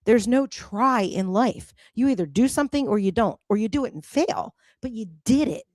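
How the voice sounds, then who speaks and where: A woman coach hosting a talk show, telling a story in a direct, lively way. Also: on the high side, moderate pace, no room sound. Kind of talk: casual chat.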